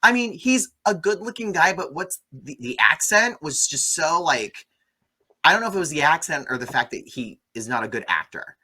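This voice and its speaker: A man hosting a casual movie review chat, recapping the plot with sarcastic, animated asides. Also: fairly high pitch, normal speed, slightly rough. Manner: sarcastic, animated storytelling with swearing. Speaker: podcast host reviewing a movie.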